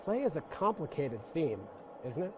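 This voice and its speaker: A man's voice: a little high, big pitch swings, moderate pace, background noise. A man giving an interactive lecture to a church audience, playful and self-mocking, with joking asides. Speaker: guest lecturer. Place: church forum room.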